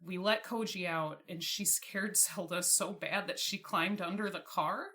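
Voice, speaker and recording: A woman's voice: on the low side, unhurried, pushed and bright. A young woman in her twenties telling a story about her dogs in a casual, chatty way, often laughing and saying "like". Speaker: podcast guest.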